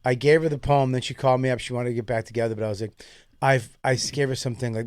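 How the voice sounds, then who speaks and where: A man's voice: medium pitch, fairly even intonation, very fast, clear, resonant tone, no room sound, studio quality. A man, telling crude stories as a podcast co-host and laughing a lot. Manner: profane, laughing storyteller. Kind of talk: casual chat.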